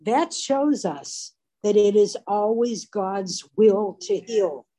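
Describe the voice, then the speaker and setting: A woman teaching from the Bible in an earnest, deliberate sermon, briefly voicing the people in the stories. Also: medium pitch, animated, mellow, rough recording. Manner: earnest, slow and deliberate, acts out quoted voices briefly.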